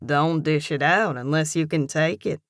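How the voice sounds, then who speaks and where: A woman's voice: low-pitched, normal speed, no room sound, studio quality. A woman voicing a teasing, easygoing young man in an audiobook, with a wry, playful delivery. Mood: amused. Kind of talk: audiobook character voice.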